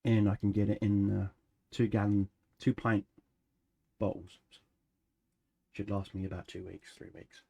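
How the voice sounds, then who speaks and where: A man chatting casually through a life update for his gaming channel, rambling and relaxed, pausing to snack. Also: on the low side, vocal fry, husky, no echo, dull audio. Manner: rambling, relaxed, eating snacks while talking. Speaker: gaming YouTuber.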